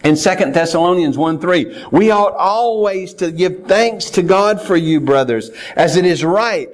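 Man preaching, earnest and a touch higher in pitch, repeats his words. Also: lively intonation, unhurried. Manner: earnest, repeats words while reading scripture aloud. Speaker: pastor. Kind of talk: sermon.

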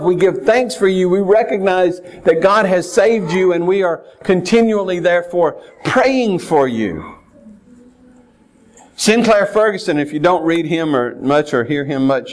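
An earnest man delivering a sermon from the pulpit. His voice sits a little high for a man, and he doubles back on words as he reads and explains the text. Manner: earnest, repeats words while reading scripture aloud. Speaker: pastor.

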